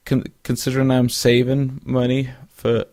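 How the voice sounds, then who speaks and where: A man's voice: mid-range voice, little pitch movement, moderate pace, darkish tone, no room sound. A young man hosting a casual solo podcast, rambling with lots of fillers and restarts and yawning now and then. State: yawning, drowsy. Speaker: podcast host.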